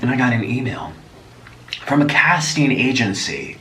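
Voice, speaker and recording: A man vlogging as he eats, chatty and animated, breaking off with sudden gasps and exclamations. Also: mid-range voice, normal speed. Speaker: mukbang vlogger. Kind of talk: casual chat while eating. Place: echoey room at home. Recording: echoey room, voice from a distance, faint noise.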